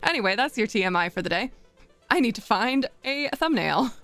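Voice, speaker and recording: A woman's voice: on the high side, expressive, brisk, fairly bright tone, soft background music. A woman streaming as a VTuber, chatting casually and rambling as she thinks aloud while working, often laughing. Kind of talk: casual live-stream chat.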